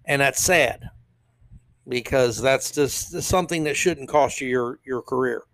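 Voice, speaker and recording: A man hosting a podcast, giving casual, opinionated commentary that rambles with frequent "uh" pauses. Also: mid-range voice, a bit bright, no room sound. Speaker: podcast host.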